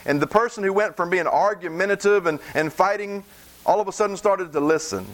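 A man's voice: high-pitched, a little fast, fairly bright tone. A middle-aged man preaching a sermon in an earnest way, often repeating words as he starts a phrase.

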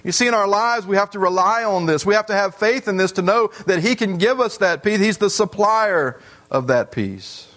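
A pastor delivering a sermon to his congregation in church, earnest and repetitive, with long drawn-out pauses. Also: sits high, animated, a bit bright.

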